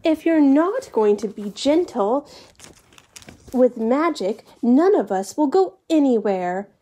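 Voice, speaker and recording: A woman's voice: high-pitched, animated, slow, mellow, full character voice. A woman voicing a prickly, short-tempered old fairy who scolds sternly in a read-aloud storybook. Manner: stern and tart.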